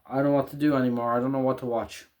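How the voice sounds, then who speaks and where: A man's voice: mid-range voice, little pitch movement, very fast. A young man in a casual vlog, rambling and swearing constantly as he recaps a TV finale, often tagging "right?" onto his sentences. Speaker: vlogger. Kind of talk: casual emotional TV show recap.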